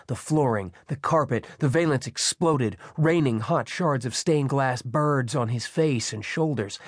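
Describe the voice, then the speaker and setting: A male audiobook narrator with a mid-pitched voice telling a thriller in a tense, dramatic read. The sound is dry and close, with no room around him. He keeps a steady, gripping pull through the action. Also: no echo. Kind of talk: scripted narration. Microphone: close studio mic.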